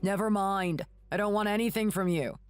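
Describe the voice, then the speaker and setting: A woman's voice: medium pitch, moderate pace, clean tone, no echo, faint music behind, lightly acted. A woman voicing a rude, ungrateful adult son who talks in a snappish, contemptuous way.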